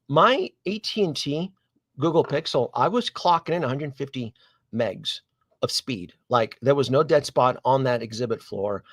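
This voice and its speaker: Animated man telling a story. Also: mid-range voice, no room sound. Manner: animated, digressive, many restarts and asides to viewers. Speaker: host of a collectibles live stream. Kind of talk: casual rambling storytelling.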